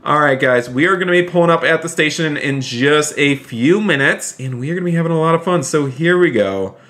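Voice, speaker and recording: A man's voice: on the high side, animated, brisk, fairly bright tone. A man live-streaming a role-play game, chatting upbeat to his viewers and thanking donors. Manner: upbeat, chatty, addresses chat often.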